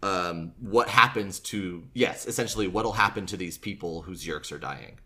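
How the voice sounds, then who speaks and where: A young man, a podcast host, casually retelling a book and acting out the characters' lines in quick asides. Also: low voice, pushed and bright.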